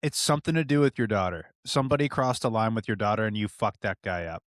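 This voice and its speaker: A man's voice: fairly low pitch, expressive, quick pace, no echo, studio quality. A Canadian man co-hosting a podcast, chatting casually, laid-back, swearing and laughing often. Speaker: podcast co-host, music producer. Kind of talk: casual chat.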